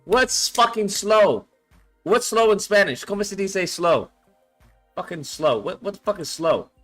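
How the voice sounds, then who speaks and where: A man's voice: high voice, expressive, unhurried, fairly bright tone, faint music behind. A man streaming casually as he follows a language lesson, thinking aloud, repeating words and swearing often. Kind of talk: casual live-stream chat.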